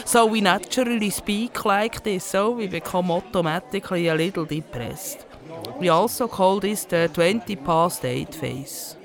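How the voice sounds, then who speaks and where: A woman from Switzerland with a Swiss German accent, performing a lively, mock-serious comic monologue with sudden shifts of tone. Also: fairly low pitch, unhurried. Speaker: comedian.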